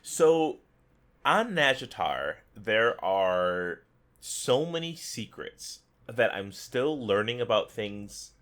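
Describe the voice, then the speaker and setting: Man, podcast co-host, animated pitch, playful, jokey, casual chat. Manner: playful, laughs often, jokey asides.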